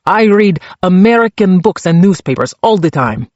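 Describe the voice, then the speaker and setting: A man's voice: sits high, expressive, moderate pace, darkish tone, no echo, muffled recording, voice pushed up. A man voicing a surly, bullying Czech immigrant landlord with a thick Czech accent, boastful and barking. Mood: defiant.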